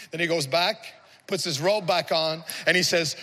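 A man's voice: high-pitched, fairly even intonation, measured pace, some chatter behind. Impassioned male preacher in a reverberant hall. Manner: impassioned preaching that swells into sung shouts. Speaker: pastor. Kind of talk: sermon.

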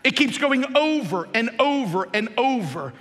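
Emphatic preacher with a bright, high voice. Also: male voice, sing-song, measured pace. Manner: emphatic preaching, swinging from loud peaks to low quiet storytelling. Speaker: pastor. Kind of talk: sermon. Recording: reverberant hall.

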